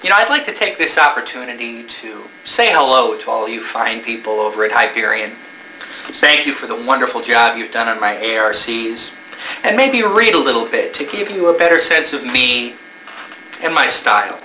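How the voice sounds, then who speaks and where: Hammy man with a bright, roomy voice. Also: lively intonation, moderate pace, a little hiss or hum. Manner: hammy, over-the-top sales pitch. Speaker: author. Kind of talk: comic promotional video.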